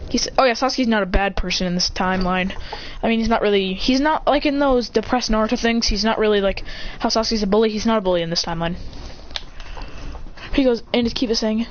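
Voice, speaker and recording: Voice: mid-range voice, a little fast, dull audio, a little hiss or hum. A storyteller eagerly retelling an improvised fan-fiction tale in tumbling run-on sentences, full of restarts and gasps.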